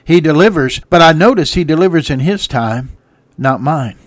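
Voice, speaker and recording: A man preaching a sermon with emphatic delivery, swinging from quiet passages to loud shouts, and breaking into sung hymn lines. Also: on the high side, expressive, moderate pace, no echo.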